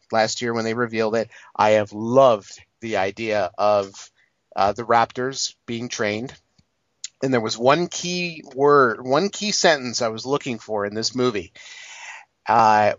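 A man's voice: mid-range voice, dry recording, lo-fi sound. A man in his late twenties giving a rambling, profane, casual movie review, full of fillers. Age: 20s. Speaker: film reviewer.

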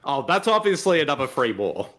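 A man's voice: mid-range voice, big pitch swings, a little fast, bright, forceful tone. A man co-hosting a casual podcast, wryly explaining the movie's plot to the others. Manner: explains the plot with wry humor. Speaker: podcast co-host. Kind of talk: casual movie-riffing chat.

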